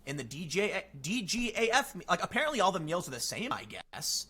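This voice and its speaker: Young man, streamer, casual rant, sarcastic, bright tone, lively pitch. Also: fairly quick, slightly rough. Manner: animated and sarcastic, with frequent mocking quotes. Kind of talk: casual ranting commentary.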